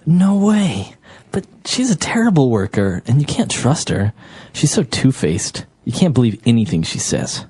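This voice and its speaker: Brief: actor as a husky male coworker, lively pitch. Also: normal speed. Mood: gossiping. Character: scornful male office worker.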